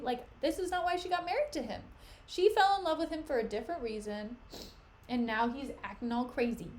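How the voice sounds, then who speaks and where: A woman's voice: high-pitched, fairly quick, slight background noise. A young woman streaming, reading a play aloud with chatty, casual commentary full of asides. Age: young adult. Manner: chatty, frequent "like", lively asides.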